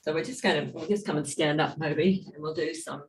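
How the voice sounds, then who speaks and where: An Australian woman leading an online vocal warm-up workshop, giving relaxed, encouraging instructions with loose fillers. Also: sits low, a little fast. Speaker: movement and singing workshop leader. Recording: echoey room, distant from mic.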